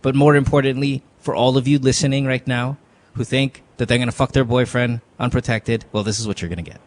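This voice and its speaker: A man's voice: medium pitch, fairly even intonation, fairly quick, a little hiss or hum. A man with a Filipino accent hosting an advice podcast, talking bluntly and with a lot of profanity, mixing English and Tagalog. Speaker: podcast host giving advice. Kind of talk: casual advice talk.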